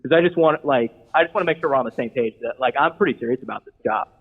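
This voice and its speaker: A man's voice: medium pitch, rapid-fire. A man playing an eager, earnest job applicant in an improvised comedy bit, rambling as he talks. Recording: tinny phone-like line.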